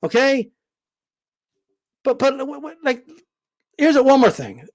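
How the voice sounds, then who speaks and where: Profane, animated male boxing ranter. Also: extremely high pitch, slow pace. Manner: profane, emphatic, repeats "all right?". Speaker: boxing commentator. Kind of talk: heated rant.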